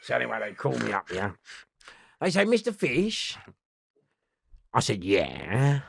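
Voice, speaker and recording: Gravelly, husky man. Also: mid-range voice, huge pitch swings, measured pace, dry recording, clean studio sound. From London. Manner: swearing, laughing, keeps restarting his story. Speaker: interview guest. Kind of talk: rambling prison storytelling.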